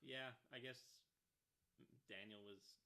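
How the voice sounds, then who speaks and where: A man co-hosting a casual film podcast, relaxed and halting, with many fillers. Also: medium pitch. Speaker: podcast co-host.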